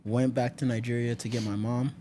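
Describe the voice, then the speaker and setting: Laughing, animated young man storyteller. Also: mid-range voice, a little fast, slight background noise. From Miami, United States. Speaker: podcast guest. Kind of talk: casual chat.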